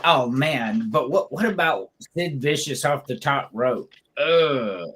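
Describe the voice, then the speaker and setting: A man's voice: mid-range voice, expressive, takes it slowly, a bit bright, husky, low-quality recording. A man hosting a casual chat, telling stories with animation and swearing freely.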